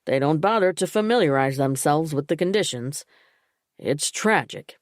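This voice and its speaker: A woman reading the part of a male police detective, measured and deferential, in an audiobook. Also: deep voice, expressive, dry recording, studio quality.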